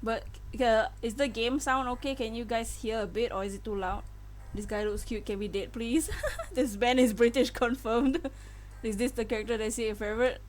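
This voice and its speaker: A woman with a slightly high voice and fairly even intonation speaks at a moderate pace as she plays a game on stream. She talks to chat in a casual, chatty way, giggling often, while faint game music plays.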